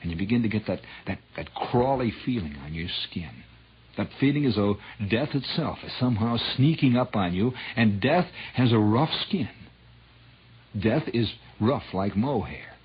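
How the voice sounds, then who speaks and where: A man telling a dramatic true story on old radio, dropping to hushed whispers and rising to loud swells. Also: mid-range voice, expressive, normal speed, husky. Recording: dull lo-fi 1960s radio recording.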